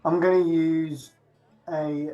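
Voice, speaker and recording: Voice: mid-range voice, flat delivery, takes it slowly, lo-fi sound. A player in a tabletop game, talking casually and reassuringly.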